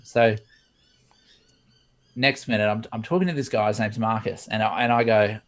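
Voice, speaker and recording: Man telling a lively story. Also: on the low side, normal speed. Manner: lively storyteller who acts out dialogue. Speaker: guest, 3D modeler. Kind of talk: storytelling interview.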